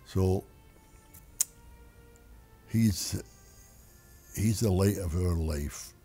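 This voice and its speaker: A man's voice: low voice, extremely slow, warm tone, husky, faint music behind. An older retired man rambling through a personal story, wry and full of restarts. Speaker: interviewee.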